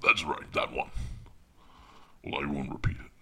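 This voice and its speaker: A man in a deadpan comedy monologue, talking awkwardly and defensively as an audiobook narrator, often dropping into hushed asides. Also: rumbling low, moderate pace, slightly rough.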